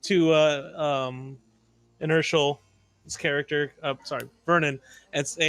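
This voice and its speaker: A man playing in a tabletop game, eager, with quick reactions. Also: fairly high pitch, fairly even intonation, a bit bright, soft background music. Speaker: player. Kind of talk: casual tabletop play.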